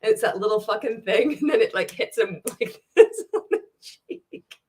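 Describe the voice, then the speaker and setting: A woman's voice: mid-range voice, normal speed, slightly rough. A woman hosting a casual livestream, reading chat comments aloud and mocking a coach, swearing freely and laughing often. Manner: profane, laughing often, animated and teasing.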